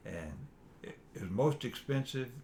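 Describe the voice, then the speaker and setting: An older man, reminiscing in a halting, rambling way with fillers while his son interviews him. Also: mid-range voice, expressive, gravelly, darkish tone, slight background noise. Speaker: father being interviewed. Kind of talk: casual family interview.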